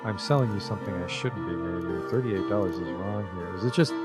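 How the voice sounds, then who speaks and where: Low-voiced man casually streaming a game. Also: a little fast, hardly any pauses, over loud music. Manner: chatty, swears casually, reads item text aloud. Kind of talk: casual livestream commentary.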